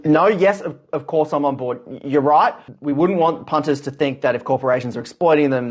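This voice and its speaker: A man's voice: medium pitch, creaky. A man voicing a flustered male news anchor in a satirical sketch, stammering and apologetic. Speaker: comedy sketch performer.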